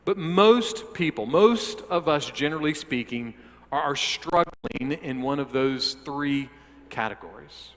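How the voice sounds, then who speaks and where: A man's voice: a little high, animated, measured pace, fairly bright tone. A male pastor preaching a sermon, often repeating words as he restarts and putting direct questions to the listeners. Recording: long hall reverb.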